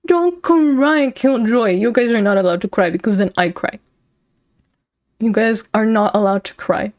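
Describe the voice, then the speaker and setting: A woman's voice: mid-range voice, fairly even intonation, moderate pace, darkish tone. A young woman streaming, chatting casually with her viewers, rambling and breaking into giggles often. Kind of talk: casual chat with live chat.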